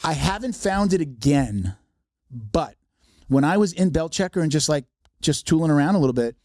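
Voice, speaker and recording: A man's voice: on the high side, animated, normal speed, a little mellow, no echo, clean studio sound. A man in casual podcast chat, giving long rambling explanations and acting out quotes.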